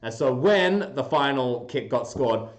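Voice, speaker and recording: An Australian man hosting a casual livestream, talking in an animated, jokey way. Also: mid-range voice, unhurried, heavy background noise. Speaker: livestream host, heavy metal singer.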